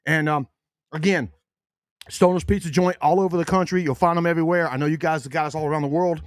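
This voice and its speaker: A man's voice: on the high side, steady tone, fast talker, no echo, clean studio sound. A man hosting a sports podcast, casual and folksy, with lots of fillers and restarts. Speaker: podcast host. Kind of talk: casual sports podcast chat with sponsor reads.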